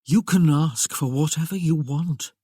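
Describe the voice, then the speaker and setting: A woman voicing a brooding, earnest young nobleman with a low, intense delivery. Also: measured pace, warm tone, husky, no room sound, studio quality.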